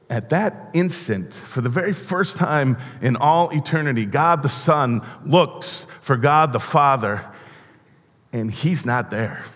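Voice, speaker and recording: Slow-preaching pastor in a reverberant church. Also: male voice, mid-range voice, a bit bright. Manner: earnest, halting preaching with repeated restarts. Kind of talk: sermon. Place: church sanctuary.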